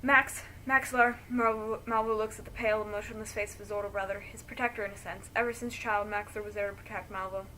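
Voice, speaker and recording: A woman's voice: medium pitch, steady tone, fast, few pauses, sharp tone, slight background noise. A woman reading a friend's story aloud, breaking off to react emotionally.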